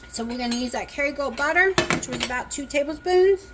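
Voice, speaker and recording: A cooking vlogger with a Southern US country accent chats and rambles in her home kitchen, sounding exhausted and sometimes talking with her mouth full. Her voice is a little high and quick with few pauses, recorded roughly on a phone with slight background noise.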